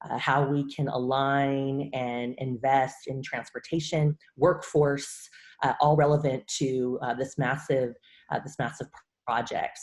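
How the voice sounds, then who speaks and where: A woman's voice: a bass voice, darkish tone. Woman talking steadily, lots of "uh" fillers. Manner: frequent "uh" fillers and repeated words, measured. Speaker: university vice chancellor for government relations. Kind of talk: interview answer.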